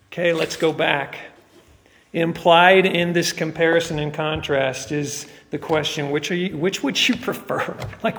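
A man with a fairly high, gravelly voice preaches a sermon, mixing joking asides with rising, emphatic delivery. His voice rings out with the long reverb of a large hall. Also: fairly bright tone. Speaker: pastor.

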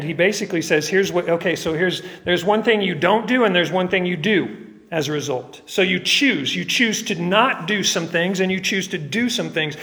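Male pastor, sermon, gravelly and slightly high, emphatic, big hall reverb. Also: sharp tone. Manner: joking asides, building to emphatic preaching.

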